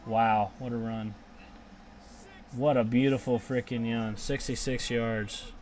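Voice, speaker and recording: A man's voice: medium pitch, fairly even intonation, slow, darkish tone. A young man reacting live to a football game, grumbling and cursing at his team and then erupting into cheers on big plays. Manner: frustrated, swears, talks back to chat.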